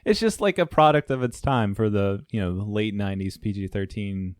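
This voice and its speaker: A man's voice: lowish voice, normal speed, clear, resonant tone, dry recording, clean studio sound. A man co-hosting a podcast, chatting casually about a movie in a laid-back, rambling way and laughing often. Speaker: podcast co-host. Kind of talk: casual movie review chat.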